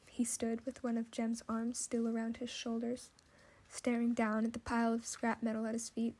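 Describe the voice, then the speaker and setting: A woman narrating an audiobook in measured, scripted storytelling. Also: fairly high pitch, monotone, darkish tone.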